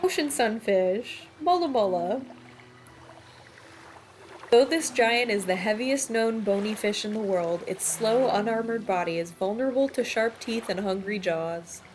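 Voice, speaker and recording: A woman's voice: medium pitch, unhurried, slight background noise. A woman streaming a video game, reading the in-game descriptions aloud and then reacting to them with laughs and disgust. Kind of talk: let's play, reading game text aloud.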